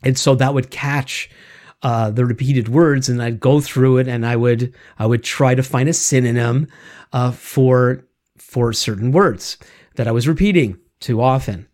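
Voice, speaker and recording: A middle-aged man chats through a casual solo monologue at an ordinary pitch. He rambles, restarts his sentences and leans on fillers while circling back to his point. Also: measured pace, darkish tone. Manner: rambling, self-correcting, frequent fillers.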